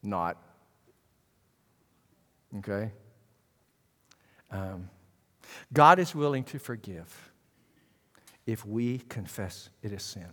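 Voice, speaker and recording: A man preaches a sermon, talking to the congregation in a conversational way and moving from quiet asides to loud bursts. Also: medium pitch, in a large hall. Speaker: pastor.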